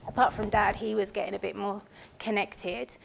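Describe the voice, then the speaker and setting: A woman's voice: medium pitch, moderate pace, vocal fry, background noise. Chatty woman telling her story. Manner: chatty and animated, with filler words. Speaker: spiritual speaker at an expo. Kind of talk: casual personal storytelling talk. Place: expo hall stage.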